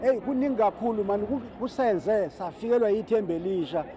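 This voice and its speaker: Older man from South Africa, animated. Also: high voice, a little fast, background noise. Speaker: rally supporter. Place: outdoor rally.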